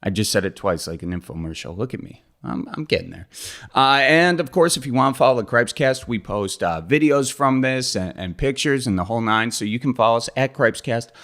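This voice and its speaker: Podcast host: man, average pitch, upbeat and joking, laughs easily. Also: lively intonation, brisk, a bit bright. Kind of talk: casual chat and show sign-off.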